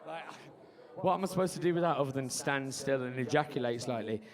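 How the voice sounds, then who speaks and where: A man's voice: mid-range voice, fast. A man compering a student stand-up comedy night, trading crude banter with the crowd. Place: student bar venue.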